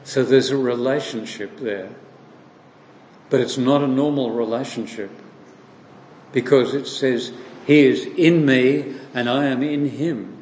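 A man preaching in a slow, measured cadence, putting questions to his listeners and then answering them. His voice rings through a roomy church hall with a long reverb tail and a faint hiss underneath. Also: mid-range voice, darkish tone. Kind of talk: sermon.

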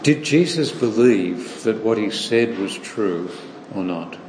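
A man preaches in a large, echoing hall, his voice carrying a long reverb. He speaks slowly and deliberately, circling back to repeat key phrases, with a faint hum of the room behind him. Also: on the low side, animated, a little mellow. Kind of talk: sermon. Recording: echoey hall, slightly distant, faint room noise.

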